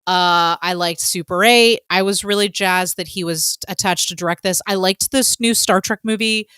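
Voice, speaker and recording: A woman co-hosting a podcast, her bright, forward voice spilling over with fan excitement. She talks casually and fills her sentences with "um" and restarts. The sound is dry and close, with no room around her. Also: mid-range voice, normal speed, clear, resonant tone, no echo. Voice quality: excitable, gushing fan with many fillers. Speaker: podcast co-host. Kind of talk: casual chat.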